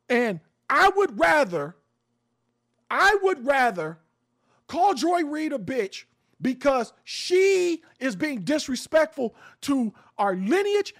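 A radio show host with a very high, gravelly voice appears as a guest on a podcast. He delivers passionate social commentary in an emphatic, preachy style, swearing freely.

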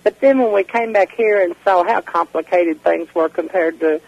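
A woman calling in to a radio talk show, hoarse and scratchy from a lingering cold, talking in a reflective way and laughing often. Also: on the low side, normal speed, no room sound, dull audio. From Kentucky. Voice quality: scratchy, raspy. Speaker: caller. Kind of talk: casual phone-in chat.

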